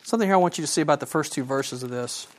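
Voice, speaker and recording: A man teaching a Bible lesson, enthusiastic and animated, asking his listeners questions. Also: on the high side, rapid-fire. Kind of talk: sermon.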